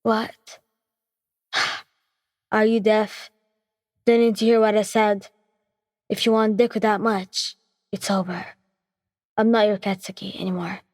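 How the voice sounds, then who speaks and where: A woman voicing a hot-tempered, jealous young male boyfriend who curses and accuses, with a breathy voice in long reverb. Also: mid-range voice, level tone, slow, long pauses, a little mellow, studio quality. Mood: cold. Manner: snarling, cursing, accusing.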